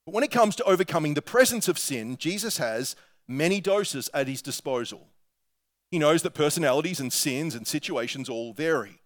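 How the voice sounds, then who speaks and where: An Australian man delivers a sermon in a slightly raised pitch. He speaks earnestly but conversationally, like a pastor talking things through with his congregation. When he reads quotations aloud, he keeps the same sincere, measured tone. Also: animated.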